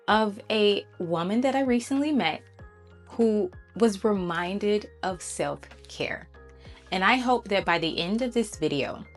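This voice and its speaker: Animated woman telling a story. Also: medium pitch. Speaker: vlogger. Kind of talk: casual storytelling.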